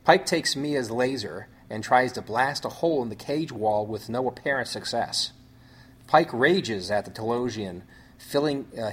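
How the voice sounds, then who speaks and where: A man hosting a show, reading out a story synopsis in measured phrases with small restarts. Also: medium pitch, husky.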